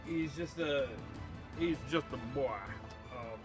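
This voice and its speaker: A man's voice: a little high, takes it slowly. A man hosting a casual livestream, talking in a rambling, chatty way and interrupting himself often. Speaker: livestream host. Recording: game and music audio playing behind.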